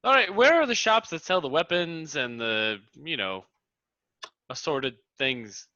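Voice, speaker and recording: A man's voice: a little high, animated, unhurried, sharp tone, dry recording. A man playing a tabletop game who banters in character in a blunt, playful way. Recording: dull, lo-fi dry mic.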